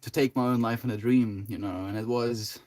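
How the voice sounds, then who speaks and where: A young male streamer talks in a loose, meandering way, greeting viewers and answering chat as he goes. His voice sits at an ordinary middle pitch and he fills his sentences with "like", "you know" and "man". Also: steady tone, normal speed, darkish tone, a little hiss or hum. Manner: rambling, laid-back, full of "like", "you know" and "dude". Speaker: livestreamer. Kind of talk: casual livestream chat, reading and answering chat.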